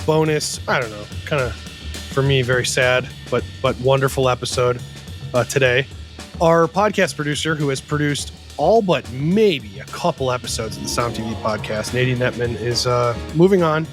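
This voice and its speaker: A man's voice: mid-range voice, normal speed, faint music behind. A man hosting a podcast in a casual, joking and openly sentimental way. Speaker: podcast host.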